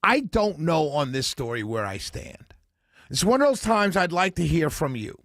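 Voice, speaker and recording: High-voiced man hosting talk radio. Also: very animated, moderate pace, no room sound, clean studio sound. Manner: emphatic, opinionated, thinks out loud. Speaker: radio talk show host. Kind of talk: talk radio opinion monologue. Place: radio studio. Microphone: studio microphone.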